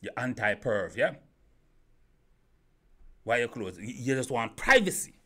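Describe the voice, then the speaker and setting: A man holds forth to his camera in a running opinion monologue. He keeps asking rhetorical questions, circles back to the same points and trips over his own restarts, all at a mid pitch. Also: big pitch swings, measured pace, sharp tone. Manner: rhetorical questions, repeats himself, stumbling restarts. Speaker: YouTube commentator.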